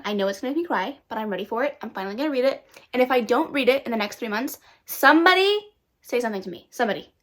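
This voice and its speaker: Bubbly young woman w/ a hyping up her reading list, voice a bit high. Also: fairly bright tone. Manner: bubbly, self-hyping, talks to viewers directly. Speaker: booktuber. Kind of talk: casual chat.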